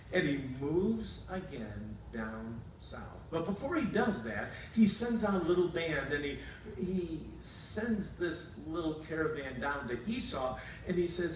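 Casual, storytelling pastor in an echoey room. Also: male voice, a little high, animated, measured pace, recorded from a distance, slight background noise. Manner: casual storytelling that paraphrases scripture. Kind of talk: sermon.

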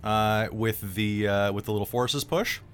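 A man's voice: on the low side, fairly even intonation, a little slow. A man narrating as game master, loose and rambling, with many fillers.

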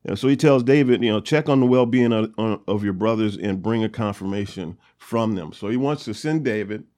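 A man with a lowish, dark-toned voice leads a Bible study at a slightly fast pace. He reads scripture aloud and retells it casually, filling his talk with fillers.

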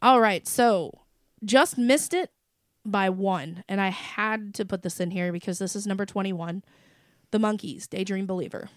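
A woman's voice: mid-range voice, unhurried, no echo, clean studio sound. A woman co-hosting a podcast in casual chat, telling stories with energy and swearing freely. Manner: animated storytelling, swears freely. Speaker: podcast co-host.

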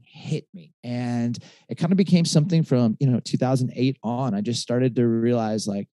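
A man's voice: mid-range voice, normal speed, hardly any pauses, warm tone, dry recording. A man in his forties, a pastor and author, telling a personal story in a conversational interview, with many restarts and fillers. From Michigan.

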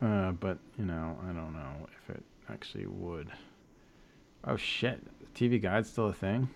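A male podcast host with a somewhat low voice rambles through a casual recap. He stops and restarts a lot, fills gaps with ums, and slips in wry jokes. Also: unhurried, gravelly, a little hiss or hum. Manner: joking asides with laughs. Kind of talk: casual chat.

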